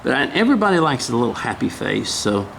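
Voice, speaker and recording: Folksy male carving teacher with a gravelly voice, mid pitch, chatty demo. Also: big pitch swings, fast, a bit bright, slight background noise. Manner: folksy, hums and mutters while working. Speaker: woodcarving instructor. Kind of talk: casual step-by-step demonstration.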